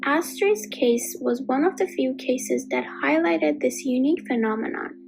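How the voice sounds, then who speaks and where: High-voiced woman narrating a lesson. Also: normal speed, gravelly, rough recording. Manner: even, explanatory reading. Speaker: narrator of an educational video. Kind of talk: scripted narration. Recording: faint music behind the voice.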